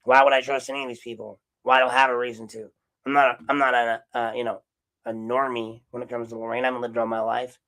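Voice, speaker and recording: A man's voice: medium pitch, flat delivery, fast, fairly bright tone, rough recording. A man hosting a solo podcast monologue, rambling and sarcastic, with profanity and frequent self-corrections. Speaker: podcast host, investigative journalist.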